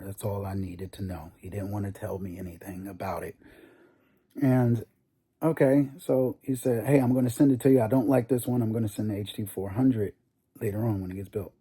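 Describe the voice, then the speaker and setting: A young man tells a long car story in a casual, animated vlog rant. His voice is mellow and a little husky, and he acts out the back-and-forth of the conversations he quotes. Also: medium pitch. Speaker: car enthusiast vlogger.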